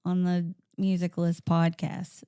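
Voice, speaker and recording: A woman's voice: fairly low pitch, monotone, slow pace, dark tone, clean tone. A woman co-hosting a music podcast, chatting casually, laughing often and arguing her picks with playful emphasis. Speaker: podcast co-host. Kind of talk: casual chat.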